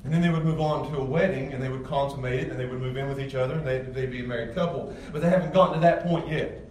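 This man talks quickly in a mid-range voice with fairly even intonation and a slightly mellow quality, over slight background noise. He's a pastor giving an emphatic, conversational sermon to his congregation, with frequent restarts. The church sanctuary is echoey, he's far from the mic, and there's faint ambience.

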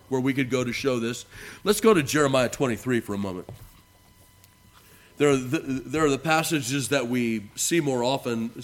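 A man preaching a sermon with earnest emphasis, his voice rising on key words and falling quiet at the ends of phrases, and reading scripture in a declaiming tone. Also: medium pitch. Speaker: pastor.

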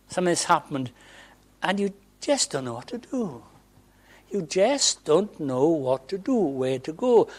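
A man from Wales preaching a sermon in a conversational way, moving between loud emphasis and quiet asides. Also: fairly high pitch.

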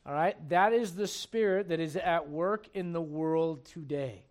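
A pastor preaches a sermon in a slightly high man's voice at a measured pace. He's emphatic, peppers the congregation with questions, and reads scripture aloud in old-fashioned wording.

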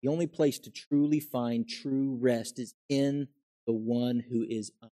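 A man preaching a sermon as pastor, swinging from quiet asides to loud, emphatic exclamations. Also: mid-range voice, fairly even intonation, a little slow.

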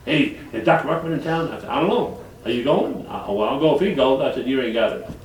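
A man's voice: mid-range voice, lively intonation, fast talker. An older man from Detroit preaching a folksy, colloquial sermon full of rambling stories and chuckles. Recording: echoey hall from far off.

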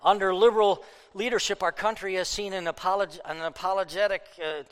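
A man preaches from the pulpit with a high, strained voice, fired up and worked up. He lurches from loud, pushing outbursts to low, muttered asides. His words ring out with a long reverb in a large hall. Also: fairly even intonation, brisk, smooth. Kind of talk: political sermon.

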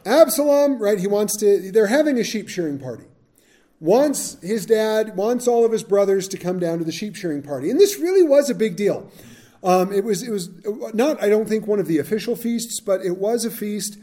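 Male Bible teacher, high mellow voice, reads the passage then riffs casually with dry humor. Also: very animated, fairly quick. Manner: chatty, wry asides to the group. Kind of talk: scripture reading with casual commentary.

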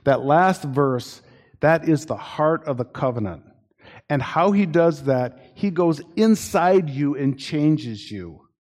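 A man's voice: on the high side, expressive, slow, a little mellow. Earnest male preacher in a big hall. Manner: earnest, warning, with frequent restarts. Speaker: pastor. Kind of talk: sermon. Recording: long hall reverb.

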